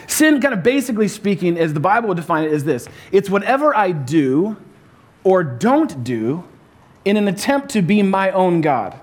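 A man preaching a sermon as a pastor, telling stories in a humorous, conversational way. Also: high-pitched.

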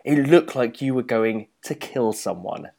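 A man's voice: mid-range voice, expressive, measured pace, darkish tone. Teasing man, casual chat. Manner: teasing, dry, laughs often. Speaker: podcast co-host.

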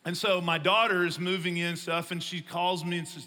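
High bright pastor preaching. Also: male voice, level tone, moderate pace, hardly any pauses. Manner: storytelling with jokes, swings from loud to hushed. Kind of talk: sermon. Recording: long echo of a large hall.

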